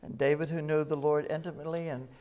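A man's voice: a little high, level tone, quick pace, mellow. A man preaching an evening sermon at a rescue mission, talking plainly to the congregation and reading scripture aloud with rising emphasis.

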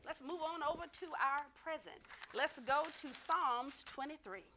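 Woman preacher, bright tone, fairly high voice, emphatic call-and-response sermon. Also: expressive, unhurried, slight background noise. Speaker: guest preacher.

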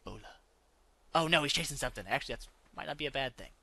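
A man's voice: medium pitch, animated, fast, gravelly, sharp tone, dry recording. A man giving casual, jokey let's-play commentary on a survival game, breaking into panicky outbursts. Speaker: gaming YouTuber.

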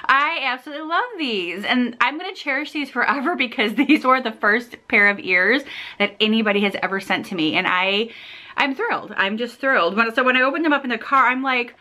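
Woman vlogger, bright ringing voice, fairly high, gushing and excited, rambling casual chat. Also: fairly quick. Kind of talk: casual chat, opening fan mail.

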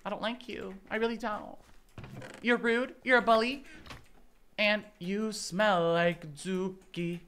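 A young man streaming a game with casual chatter, excitable with dramatic reactions and playful teasing. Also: sits high, slow, a little hiss or hum.

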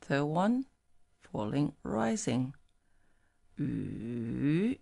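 A woman whose first language is Mandarin Chinese, teaching pinyin in English and slowly modelling tones for the learner to repeat. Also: low voice, very animated, a little mellow. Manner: slow, clearly modelled syllables. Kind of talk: language lesson with tone drills.

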